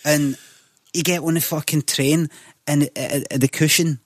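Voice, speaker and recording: A Scottish man telling an animated, sweary story in casual chat. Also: fairly high pitch, moderate pace, no echo.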